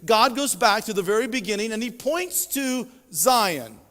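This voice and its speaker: Male pastor, high voice, emphatic preaching style, church hall reverb. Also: expressive, normal speed, pushed and bright. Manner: preaching with emphatic swells and drops. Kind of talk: sermon. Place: church sanctuary.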